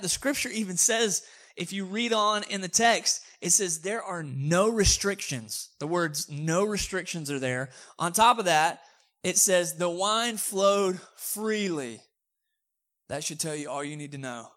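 A man's voice: high-pitched, pushed and bright. A man preaching a sermon in a casual, joking, conversational way. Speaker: pastor.

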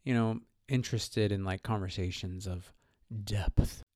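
A man's voice: fairly low pitch, a little slow, darkish tone, no room sound, studio quality. A man co-hosting a casual podcast, joking and laughing often. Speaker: podcast co-host. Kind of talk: casual chat about astrology.

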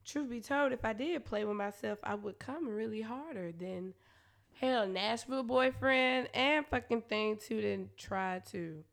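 A woman's voice: on the high side, unhurried, vocal fry, a bit bright. A slightly tipsy woman telling blunt, profane stories at home, laughing often. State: a little tipsy. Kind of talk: casual confessional storytelling. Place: alone at home.

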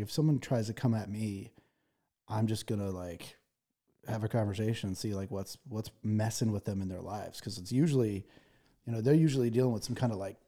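A man's voice: lowish voice, mellow. A man hosting a podcast in casual chat, rambling with many fillers and laughing often. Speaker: podcast host.

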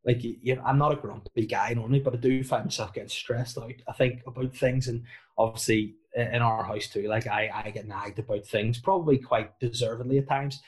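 A man in his thirties, a comedian, chats casually with a rambling, self-deprecating style. His voice sits at an ordinary middle pitch, and he tells his stories full of fillers and restarts. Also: steady tone, fairly quick. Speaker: comedian and podcast guest. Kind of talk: casual chat.

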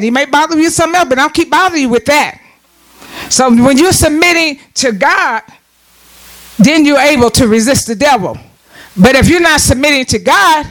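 A man preaching a sermon, calling out to the congregation for responses and rising into shouts. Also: extremely high pitch.

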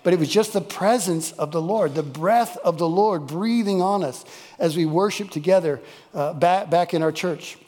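Male preacher, high voice, folksy and emphatic, long church reverb. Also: normal speed, a little mellow. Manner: folksy, emphatic, repeats key phrases. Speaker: pastor. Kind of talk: sermon. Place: church worship service.

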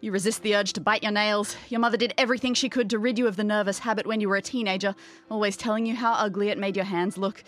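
A woman narrating a tabletop game as game master in the second person, lively and wry. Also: mid-range voice, quick pace, soft background music.

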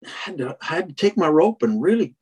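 A man's voice: on the high side, big pitch swings, a little fast, darkish tone, slightly rough. A man who trains horses, telling a long personal story in a rambling way, full of restarts and "you know". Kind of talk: casual storytelling in conversation.

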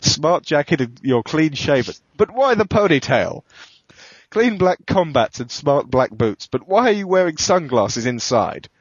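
A man putting on a smug middle-aged businessman, pitched well above a normal male voice and speaking in a slow, appraising drawl. The recording is dull and dry. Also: sing-song, breathy edge, no echo, heavily acted.

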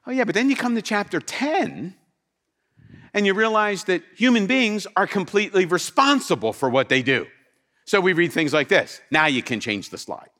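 A man preaching a sermon to a congregation, animated and emphatic, acting out the scripture he quotes. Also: high voice, normal speed. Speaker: pastor. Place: church with slides.

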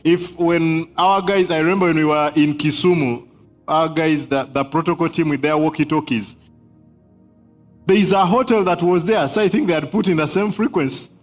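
A man's voice: fairly high pitch, moderate pace, faint music behind. A man preaching a sermon as pastor, emphatic, repeating key phrases and laughing between points.

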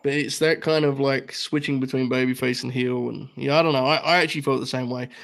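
Brief: male co-host, gravelly mid voice, thoughtful and hesitant opinions. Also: medium pitch, fairly even intonation, brisk, fairly bright tone. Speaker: podcast co-host. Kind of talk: casual chat, giving opinions.

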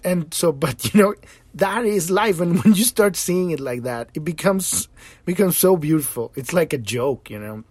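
Animated swearing man, dry close mic. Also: on the high side, normal speed, husky, no echo. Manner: animated, swearing, acts out quotes in voices, laughs often. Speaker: podcast host. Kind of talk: casual spiritual monologue.

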